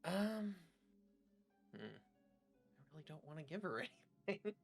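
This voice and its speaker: Lively, hesitant woman player. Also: unhurried, creaky, soft background music. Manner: hesitant, thinking aloud, with lively pitch. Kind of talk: playing a tabletop game.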